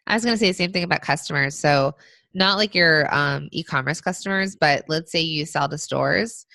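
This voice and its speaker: A woman co-hosting a business podcast, giving casual advice with lots of fillers, her voice still rough from being sick. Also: sits low, moderate pace, sharp tone, dry recording. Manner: conversational, frequent fillers. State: recovering from illness. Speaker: podcast co-host.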